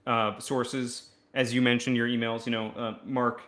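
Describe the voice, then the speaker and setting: A man's voice: mid-range voice, little pitch movement, unhurried, a bit bright. A man, an indie game developer, explaining his work in a casual podcast interview, self-deprecating.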